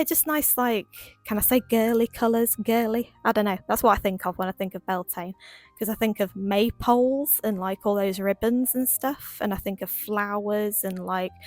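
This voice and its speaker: A woman talking through her crafting in a casual voiceover, rambling and quick, laughing at herself. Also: medium pitch, no echo. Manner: rambling, quick, self-deprecating. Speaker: crafting vlogger.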